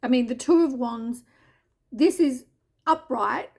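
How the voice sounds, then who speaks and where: A woman reads tarot cards in a casual, chatty way, speaking to the listener as "you". Her voice sits a little high, and she takes her time, with unhurried pauses between thoughts. She mixes mild swearing and offhand asides into the reading. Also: vocal fry, a little mellow, husky. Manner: addresses the listener directly as you. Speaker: tarot reader.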